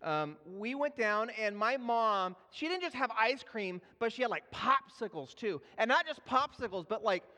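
A man's voice: extremely high pitch, expressive, normal speed, few pauses, sharp tone. A man in his thirties, a pastor, preaching in a church in a conversational, self-deprecating way with frequent fillers and restarts. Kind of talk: sermon with personal storytelling. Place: church sanctuary. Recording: echoey hall.

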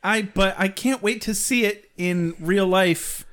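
A man's voice: high-pitched, unhurried. A man co-hosting a podcast, recapping a TV episode in casual, joking chat full of swearing. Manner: profane, joking, animated. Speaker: podcast co-host.

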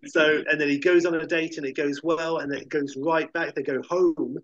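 A man with a slightly high voice chats enthusiastically and casually about films, rambling and acting out quotes. His intonation is fairly even and his pace moderate, and the recording has a dull lo-fi sound.

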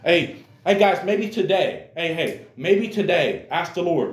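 A man preaching to a group of men, who prays earnestly and then speaks with animated, direct appeals to his listeners. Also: on the high side, unhurried. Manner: earnest, pleading prayer with many "Lord" and "God" tags. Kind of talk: sermon to a men's group. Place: church meeting room. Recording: echoey room with faint ambience.

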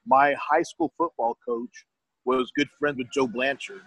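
A man's voice: medium pitch, very animated, measured pace, creaky, fairly bright tone, breathy edge, no echo, poor audio. A middle-aged man telling his story in a casual, rambling way, often restarting his sentences and quoting others.

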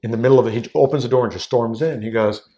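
A man's voice: very fast, dull audio. A man in his forties from Southern California, a wine sales executive, telling an anecdote as a guest and acting out the quoted voices. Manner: animated, acts out quoted voices with big pitch jumps. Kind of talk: casual anecdotal storytelling.

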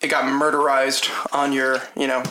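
A man's voice: medium pitch, flat delivery, moderate pace. A man narrating as game master of a tabletop game, telling scenes vividly and laughing often. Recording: echoey room with background noise.

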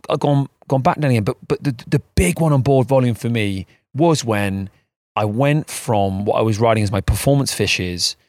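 A man's voice: fairly low pitch, no echo, studio quality. A man co-hosting a podcast, chatting in a rambling, self-mocking way. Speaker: podcast co-host. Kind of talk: casual chat.

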